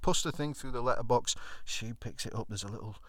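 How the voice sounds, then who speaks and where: A man telling a long comic anecdote on stage in an animated, conversational way, building up to punchlines. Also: mid-range voice, fairly quick, no echo. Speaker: stand-up comedian. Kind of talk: comic storytelling.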